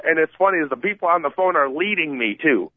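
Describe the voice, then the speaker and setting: A man's voice: fairly high pitch, lively intonation, quick pace, no echo. A man co-hosting a sports radio show, telling rambling stories in an earnest way. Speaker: radio co-host. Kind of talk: casual sports radio banter. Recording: tinny phone-like radio broadcast.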